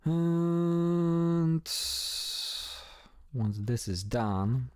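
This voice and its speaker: A man's voice: on the high side, expressive, drawn-out words, mellow, clear, resonant tone, no room sound. A man giving casual, chatty commentary while he plays a building game, talking to himself and swearing now and then. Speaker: gameplay streamer.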